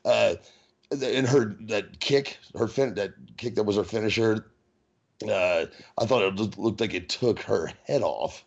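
Low-voiced male podcast co-host, rambling casual chat, dull lo-fi audio. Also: creaky, slightly rough. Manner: rambling, halting restarts, laughs at own jokes. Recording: dull lo-fi recording.

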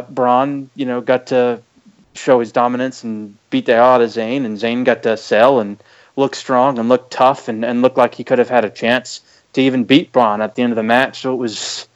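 A man's voice: medium pitch, flat delivery, moderate pace, smooth, no echo. A man in casual chat, explaining his views analytically with frequent fillers. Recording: dull, lo-fi, dry sound.

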